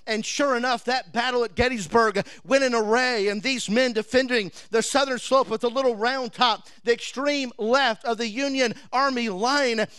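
A man preaching a sermon as a pastor in a revival tent, telling a war story with dramatic swings from a shout down to a hush. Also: extremely high pitch, smooth, no echo.

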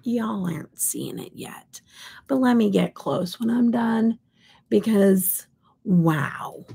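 Slow, gravelly Kansas-raised woman chatting. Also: medium pitch, expressive, warm tone. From Kansas, USA. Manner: chatty, rambling, drops into whispers. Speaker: makeup livestream host. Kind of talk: casual live chat while swatching.

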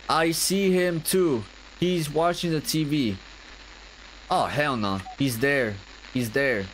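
A young man streaming a horror game, reacting with crude, excitable commentary and reading on-screen text aloud. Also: a little high, takes it slowly, slight background noise. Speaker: gaming streamer.

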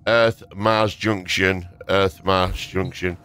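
At a home desk with a dynamic microphone, a young gaming creator offers casual gameplay commentary that rambles, swears, and turns self-mocking. His low, slightly bright voice stays fairly even and slow, with slight background noise.

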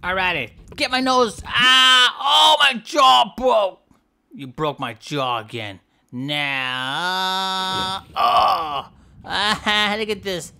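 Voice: mid-range voice, bright, forceful tone. A gameplay commentator giving playful, rambling let's-play commentary, teasing and pleading with the game as they play.

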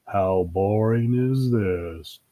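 A grumpy male dog who finds everything boring drags out his words in a sulky grumble, his voice warm and slightly husky. His pitch still swings widely as he complains, as a man reads him aloud in a storybook. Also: huge pitch swings, fairly quick, exaggerated voice. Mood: grumbling.

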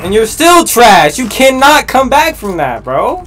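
A man's voice: extremely high pitch, wildly swooping pitch, measured pace, music in the background. A young man giving live gameplay commentary, full of profane, exasperated trash talk. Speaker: gaming video creator.

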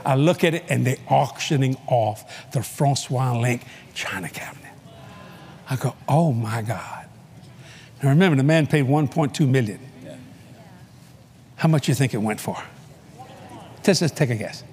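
A male preacher telling a story in a sermon at a convention, animated and playful, laughing often and bursting into shouts. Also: mid-range voice, normal speed, a little hiss or hum. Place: convention hall before a live audience.

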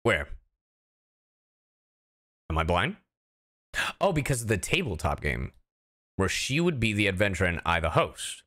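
Male voice actor streaming, chatty, bouncy lively pitch, bright forceful tone, home desk mic. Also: unhurried, pauses often. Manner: animated, chatty, talks to chat and laughs often. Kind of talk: casual livestream chat.

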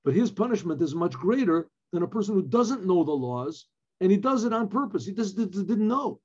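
A man, a rabbi, teaching a Torah lesson, reading Hebrew phrases and explaining them in English with animated emphasis. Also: high voice, a little fast, breathy edge, highs cut off.

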